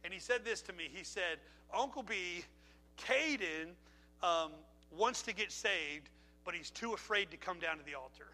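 Pastor, male, lively pulpit sermon, high and very bright tone, church mic. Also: moderate pace. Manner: animated preaching with laughs and asides. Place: church sanctuary. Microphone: handheld or pulpit mic.

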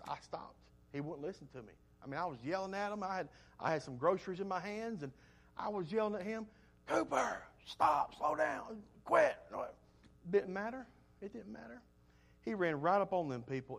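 A man preaching a sermon, telling homespun stories in a folksy way and swinging between loud emphasis and soft asides. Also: fairly high pitch, gravelly.

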